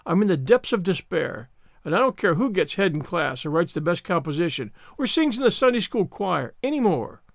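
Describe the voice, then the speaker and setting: A man's voice: high voice, sing-song, brisk, vocal fry, no echo, clean studio sound, heavily acted. A man reading the part of a dramatic, despairing young orphan girl in a storybook, full of theatrical self-pity. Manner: theatrical, self-pitying laments.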